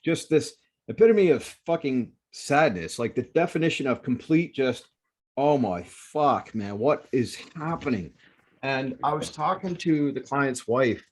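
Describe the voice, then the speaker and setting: A man hosting a podcast, telling a rambling story in casual chat with heavy swearing and lots of excitement. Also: mid-range voice. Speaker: podcast host. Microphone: remote call setup.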